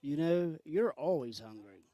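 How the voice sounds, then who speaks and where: Laid-back radio color commentator, mellow. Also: male voice, a little high, expressive, unhurried, no echo. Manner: laid-back, teasing side remarks. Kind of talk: local radio baseball commentary.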